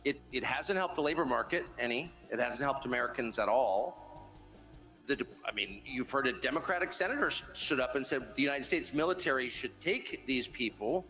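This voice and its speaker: A man interviewing a guest, earnest and questioning, with halting restarts. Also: mid-range voice, animated, sharp tone, soft background music. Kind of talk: interview conversation.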